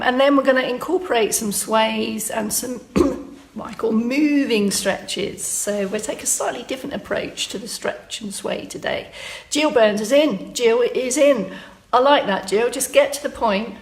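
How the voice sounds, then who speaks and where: A woman's voice: a little high, unhurried, gravelly. A woman, leading a live-streamed exercise class from a room at home and chatting as she reads out viewer comments.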